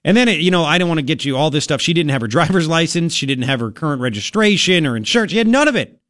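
A man hosting political commentary, sarcastic and mocking as he pauses and remarks on clips. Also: a little high, lively intonation, a bit bright, dry recording, studio quality. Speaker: host.

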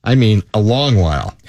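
Chicago-accented male co-host, lively and jokey, close dry mic. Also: lowish voice, dry recording, highs cut off. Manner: animated, laughing, puts on voices for quoted people. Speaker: podcast co-host. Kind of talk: casual news banter.

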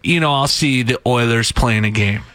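A man's voice: medium pitch, normal speed, a bit bright, no echo. A man co-hosting a radio show, chatting casually and teasing his colleagues. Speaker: radio co-host. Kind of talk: casual on-air banter.

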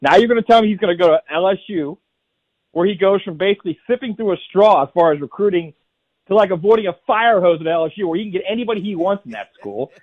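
A man who is a guest college football writer on a radio interview, making a fast, emphatic argument that builds point by point. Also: high-pitched, expressive, phone-quality sound.

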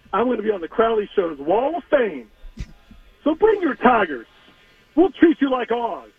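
A man on a tinny phone line rattles off comic rhyming trash talk in a playful, mocking voice. His pitch is high and swings widely, and he takes his time with every line. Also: breathy edge, dry recording. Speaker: caller doing a weekly rap segment.

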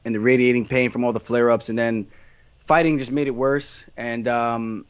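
A man's voice: mid-range voice, fairly even intonation, normal speed, no echo. Fighter guy talking candid, rambly, restarts a lot, kinda muffled dry sound. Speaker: fighter being interviewed. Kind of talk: casual interview answers.

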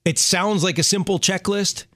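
A man's voice: sits high, fairly even intonation, moderate pace, a bit bright, no room sound. Easygoing male radio host, dry studio sound. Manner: easygoing, joking, laughs often. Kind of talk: casual faith radio chat.

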